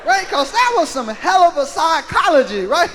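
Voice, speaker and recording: High-voiced man doing live stand-up. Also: moderate pace. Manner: loud animated storytelling with shouted character bits. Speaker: stand-up comedian. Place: large concert hall with live audience. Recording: echoey live concert vinyl with crowd noise. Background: audience laughter and ambience.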